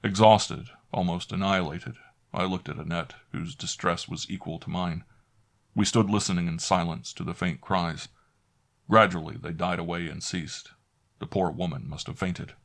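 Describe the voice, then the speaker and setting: Deep-voiced man narrating a horror tale. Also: steady tone, vocal fry. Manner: measured, dramatic first-person storytelling.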